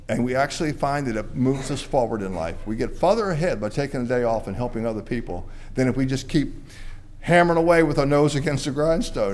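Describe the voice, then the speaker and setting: A man preaching a sermon to a church congregation, rising to loud emphatic peaks and dropping to quiet, low endings. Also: a little hiss or hum.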